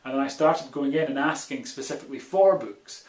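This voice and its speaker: A man with a Scottish accent, a children's author telling an animated, casual story with many ums. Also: mid-range voice, fairly quick. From Scotland. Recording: echoey room.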